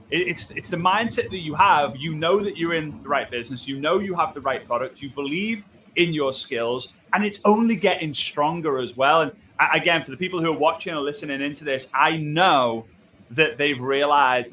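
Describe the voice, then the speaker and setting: A man's voice: fairly high pitch, pushed and bright, a little hiss or hum, poor audio. A man hosting an interview over a video call, praising his guest enthusiastically and restarting his sentences often. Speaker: interviewer host.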